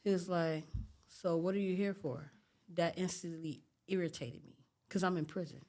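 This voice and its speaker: A woman with a fairly low voice tells her story in an interview. She talks in an animated, streetwise way and acts out the quotes. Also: normal speed. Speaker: interview guest.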